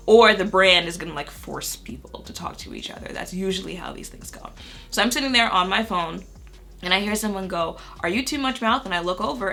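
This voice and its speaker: Brief: young woman beauty vlogger, chatty storyteller, bright tone with a gravelly fry. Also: lowish voice. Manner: chatty, heavy on fillers like "you know" and "like". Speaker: beauty YouTuber. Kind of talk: casual storytime vlog.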